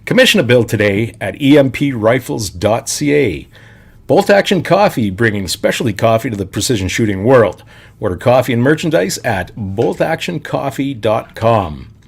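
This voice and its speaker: Guy w a gravelly voice hosting a podcast, laid back, jokey, middle pitch. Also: expressive, moderate pace. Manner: easygoing, joking, laughs often. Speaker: podcast co-host. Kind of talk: casual podcast chat and sponsor reads.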